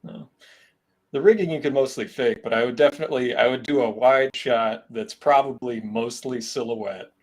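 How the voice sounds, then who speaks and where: A man's voice: medium pitch, normal speed. A man hosting a live stream, asking easygoing, curious questions in a casual interview. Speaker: host.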